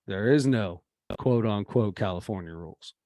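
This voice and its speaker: A man's voice: lowish voice, moderate pace, dark tone, dry recording, clean studio sound. Chatty man telling a story. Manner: storytelling, rambling with restarts. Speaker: co-host. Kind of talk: casual chat.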